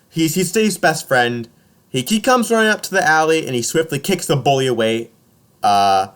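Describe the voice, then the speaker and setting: A young man casually recapping a film on a podcast, joking and slipping into silly character voices. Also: fairly high pitch. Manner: animated, jokey, slips into silly voices for characters.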